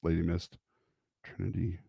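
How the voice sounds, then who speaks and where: Chatty streamer dude, lowish voice, rambles and restarts a lot, dry close sound. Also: male voice, completely flat delivery, moderate pace, creaky, slightly rough, no echo, lo-fi sound. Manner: rambling, self-interrupting, often laughing. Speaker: livestream host. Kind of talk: casual livestream chat.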